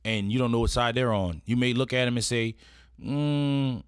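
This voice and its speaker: Speaking fast in a smooth, mid-range voice with fairly even intonation, this male presenter offers etiquette advice. His delivery is casual and partly read, and he keeps asking "right?" as he goes. The audio is clean and echo-free, like a studio.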